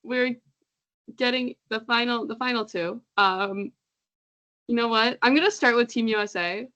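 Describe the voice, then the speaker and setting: A woman's voice: fairly high pitch, a little slow, bright, forceful tone, highs cut off. A woman co-hosting a casual podcast, chatty and laughing often, stumbling over names as she reads them out. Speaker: podcast co-host. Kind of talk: casual chat.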